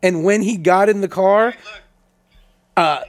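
A man's voice: sits high, slow pace. A man co-hosting a casual podcast, joking and acting out other people's lines. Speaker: podcast co-host.

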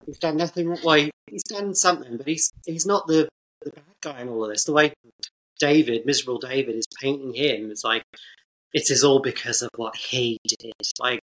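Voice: medium pitch, brisk, fairly bright tone, poor audio. A podcast guest in casual chat, emphatic and opinionated, with dry jokes.

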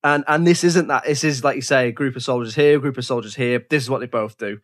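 A man talks through a film in a relaxed podcast chat, mid-pitched and plain. He gathers his thoughts as he goes, restarting sentences and leaning on fillers. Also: fast. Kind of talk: casual film discussion.

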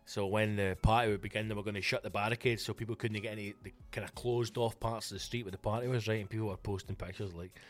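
A man's voice: on the low side, fairly even intonation, fast, few pauses, faint music behind. Sweary Scottish man ranting. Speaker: comedian podcast host. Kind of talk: casual solo rant.

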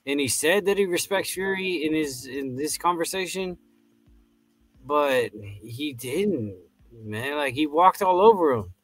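A man co-hosting a podcast, making his case in measured casual chat. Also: fairly high pitch, animated. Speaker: podcast co-host.

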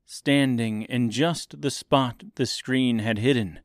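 Slow gravelly storybook narrator, male. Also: medium pitch, no echo, studio quality. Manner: slow, measured reading. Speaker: audiobook narrator. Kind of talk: storybook reading.

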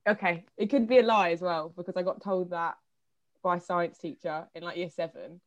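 A woman's voice: on the low side, steady tone, a little fast. A young woman in casual podcast chat, playful and teasing, laughing often. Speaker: podcast guest.

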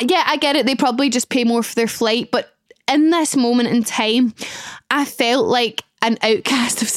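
A woman's voice: fairly high pitch, dry recording, studio quality. A young Scottish woman hosting a podcast who tells a story with dramatic energy and acts out the dialogue. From Scotland. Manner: animated, dramatic retelling with acted-out dialogue. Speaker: podcast host. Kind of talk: casual storytelling.

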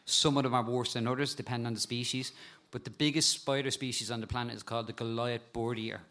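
A man with an animated way of telling stories, a guest talking casually about insects and spiders and laughing at times. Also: mid-range voice, fast. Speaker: guest, insect and frog expert. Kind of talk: casual storytelling chat.

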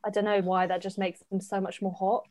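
A woman's voice: medium pitch, flat delivery, a little fast, darkish tone, no room sound. A young British woman in casual chat about a TV show, talking loosely with lots of filler words. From United Kingdom. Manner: chatty, many fillers.

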